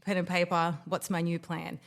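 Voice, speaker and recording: A woman's voice: lowish voice, normal speed, gravelly. A woman hosting a podcast in casual chat, telling stories dramatically and swearing now and then. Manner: animated, dramatic storyteller. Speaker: podcast host.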